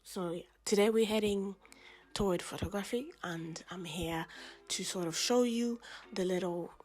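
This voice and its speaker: A young woman chatting to camera in a casual vlog, rambling and self-mocking, often dropping into soft half-whispered asides. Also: medium pitch, moderate pace. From family from Gambia, French-speaking background. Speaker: vlogger.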